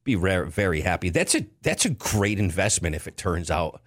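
A man hosting a casual sports talk show, animated, with sudden jumps in pitch and rapid asides.

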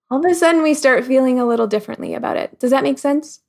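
A woman in a casual interview chat whose slightly high voice has a gravelly fry running through it. She speaks reflectively, fills her sentences with "like," and jumps into animated voices when she quotes what people think. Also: very fast, few pauses. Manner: reflective, acts out quoted thoughts in lively voices; frequent "like" fillers. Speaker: podcast guest.

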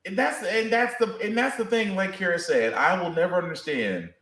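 A man co-hosting a podcast in casual chat, excitable and fond of acting out quotes. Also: high voice, reverberant. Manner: excitable, drawn-out explanations, put-on voices for quotes. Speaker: podcast co-host.

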